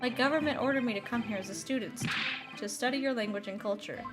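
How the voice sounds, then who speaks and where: A woman's voice: fairly high pitch, fast talker, loud music behind the voice, lightly acted. A woman voicing a weary young male student on trial, speaking reluctantly and grumbling. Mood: grudging.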